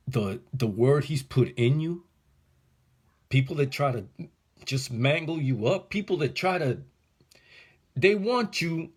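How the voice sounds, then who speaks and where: Husky-voiced pastor preaching casually. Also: male voice, mid-range voice. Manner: casual, slangy, animated, building to fervor. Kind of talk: preaching a verse-by-verse Bible study.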